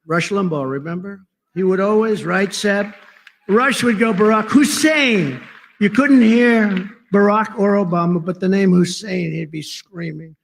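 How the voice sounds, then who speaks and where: A man's voice: high voice, steady tone, unhurried, creaky, a little hiss or hum. A man giving a rambling, off-the-cuff political speech at a conference, full of sarcasm and digressions.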